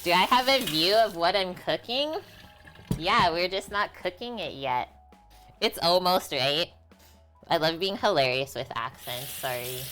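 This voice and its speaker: A woman's voice: on the low side, a little slow, a bit bright, faint music behind. A young woman hosting a casual cooking livestream, chatting with viewers while she preps food in her home kitchen. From half French. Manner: chatty, reads and answers chat while cooking.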